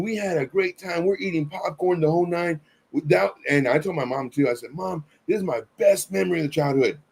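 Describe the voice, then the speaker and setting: Man, co-host, slightly high voice, earnest, rambling with fillers. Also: a little mellow. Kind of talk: casual live-stream chat.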